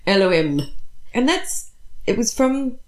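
A woman's voice: fairly high pitch, animated, a little slow. Playful woman hosting a comedy podcast. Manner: jokey, laughs often, playful asides. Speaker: podcast host. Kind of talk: casual comedic chat.

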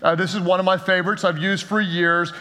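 A male pastor preaching a sermon in an energetic, emphatic way, with a light joking touch, in a church sanctuary. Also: high voice, a little fast. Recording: long reverb of a large hall.

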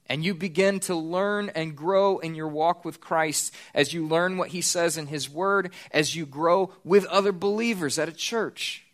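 A man preaching a sermon as pastor, earnest, slowing down to stress key points. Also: on the high side, fairly bright tone.

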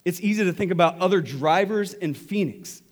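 Higher-voiced man preaching a conversational sermon. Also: moderate pace. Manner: conversational, animated storytelling with laughs. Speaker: pastor. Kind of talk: sermon with storytelling.

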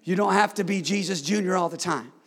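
A middle-aged male pastor preaching to his church, his gravelly, high voice ringing through a reverberant sanctuary. He drops to a hush, then rises to shouts and calls the congregation to answer back. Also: brisk. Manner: call-and-response preaching, swings from hushed to shouted. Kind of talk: sermon.

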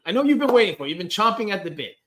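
A man co-hosting a sports podcast in casual chat, animated and joking, acting out quotes from other people. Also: high voice, rapid-fire. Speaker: podcast co-host.

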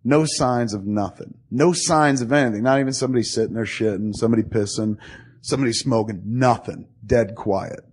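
A man telling a long story to a friend in casual talk, profane and animated, acting out both sides of the dialogue. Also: medium pitch, brisk, breathy edge.

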